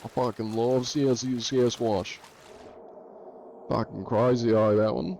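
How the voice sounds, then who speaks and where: A man's voice: medium pitch, steady tone, slow, a little hiss or hum. A man voicing a rowdy, foul-mouthed Australian bloke with a mock Australian accent who swears constantly. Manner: swears constantly, loud and laddish.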